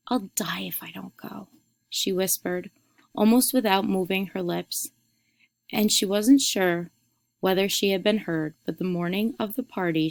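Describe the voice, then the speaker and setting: A woman who teaches eighth grade reading, giving instructions and reading a story aloud clearly for her students. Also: on the low side, dry recording.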